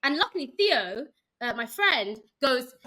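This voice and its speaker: Bright, high-voiced woman telling a story. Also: unhurried, rough recording. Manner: expressive, acts out quoted voices, laughs easily. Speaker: app founder, guest. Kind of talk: animated storytelling.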